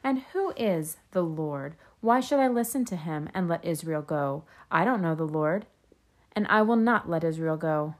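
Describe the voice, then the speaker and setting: A woman reading the part of a scornful male king, slow and emphatic. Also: deep voice, animated. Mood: dismissive.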